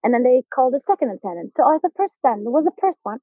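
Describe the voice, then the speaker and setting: A young adult woman from Turkey with a Turkish accent, a podcast guest telling an animated story and acting out the people in it. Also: high-pitched, rapid-fire, dry recording. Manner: animated, acts out quoted voices, laughs often. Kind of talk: casual interview storytelling. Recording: tinny phone-like line, dry.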